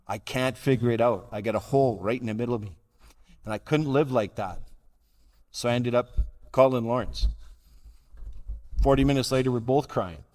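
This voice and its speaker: Wry older man in a reverberant hall. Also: mid-range voice. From Canada. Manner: blunt, wry self-mocking humor. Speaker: recovery meeting speaker. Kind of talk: personal recovery talk. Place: large convention hall. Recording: hall reverb from a live talk.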